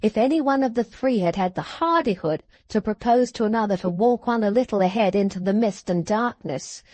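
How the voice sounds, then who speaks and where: A woman's voice: medium pitch, a little mellow, dry recording. Woman narrating an audiobook, dry close sound. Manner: measured storytelling, voicing the characters. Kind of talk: scripted narration of a classic novel.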